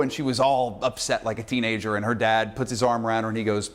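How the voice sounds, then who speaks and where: A filmmaker sending a casual video message to introduce a screening. He tells an animated, exasperated story. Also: on the low side, fast talker, hardly any pauses.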